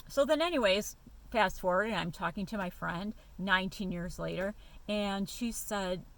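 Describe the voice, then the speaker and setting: A woman's voice: mid-range voice, normal speed. A woman talking to camera in a chatty, emphatic way, with many fillers and restarts, sharing a personal story. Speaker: YouTube vlogger. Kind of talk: casual personal talk to camera.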